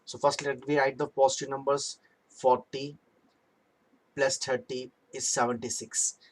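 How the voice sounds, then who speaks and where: Guy teaching maths, working each step out loud and saying key bits twice, medium voice. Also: mid-range voice, level tone, a little slow, slight background noise, poor audio. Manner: works sums aloud step by step, repeats key phrases. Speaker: math teacher. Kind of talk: whiteboard math lesson.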